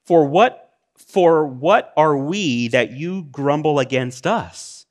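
A middle-aged male pastor preaches a sermon, reading scripture aloud and slipping into plain conversational asides. He swings between loud exclamations and quiet, low remarks, delivering it all slowly and expressively.

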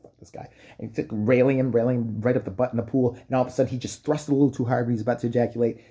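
A man's voice: medium pitch, flat delivery, racing, dark tone, slightly rough. A man delivering a profane, mocking comedic rant, breaking into exaggerated impressions. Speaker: comedic commentator. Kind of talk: ranting comedic commentary.

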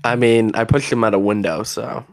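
A man's voice: on the low side, fairly even intonation, normal speed, vocal fry. A man co-hosting a casual livestream, joking around playfully and laughing often. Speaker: livestream co-host.

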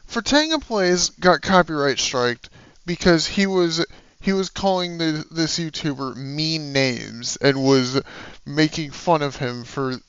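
An exasperated YouTuber who is sick yells a profane rant. The delivery is slow and drawn out, and the pitch swings wildly. The sound is dull, lo-fi and very dry. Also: smooth, dry recording. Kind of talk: angry rant vlog.

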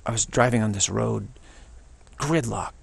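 Gravelly low-voiced man rambling earnestly. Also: a little slow, no room sound. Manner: rambling, repeats and restarts phrases. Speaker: channel host. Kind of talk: solo spoken commentary.

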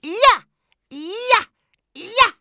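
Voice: very high-pitched, sing-song, slow pace, fairly bright tone, no room sound, studio quality, pitched above the performer's own voice, full character voice. A narrator voicing a feisty female karate squirrel with a folksy country drawl. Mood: fierce.

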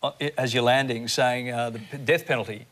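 An Australian man co-hosting a comedy panel show, telling animated stories and laughing mid-sentence, with studio audience laughter behind. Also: mid-range voice, a little fast. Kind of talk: joking panel chat.

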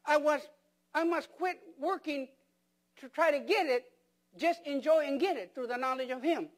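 A man with a notably high voice delivers a sermon as pastor. He keeps asking the congregation questions and repeats words and restarts phrases to drive each point home. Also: moderate pace. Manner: emphatic preaching with rhetorical questions to the congregation.

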